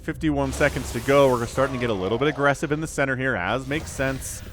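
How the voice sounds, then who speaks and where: A man casting a strategy game match, jokey and excitable, reading viewers' chat aloud as he goes. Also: mid-range voice, fast, background noise. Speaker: game caster. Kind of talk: lively esports commentary.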